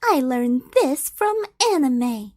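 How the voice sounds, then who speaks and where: A smug, defiant seraph swordswoman, high-voiced and unhurried, as a woman reads her lines. The sound is dry and close. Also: animated, darkish tone, no room sound, heavily acted. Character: cocky young sword-wielding seraph woman.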